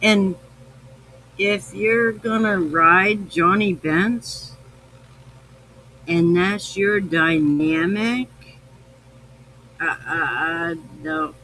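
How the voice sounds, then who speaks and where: A man's voice: sits high, extremely slow, long pauses, bright, forceful tone, a little hiss or hum, low-quality recording. A tipsy man hosting a live podcast, rambling, swearing freely and affectionate. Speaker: podcast host. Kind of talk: casual live-stream chat.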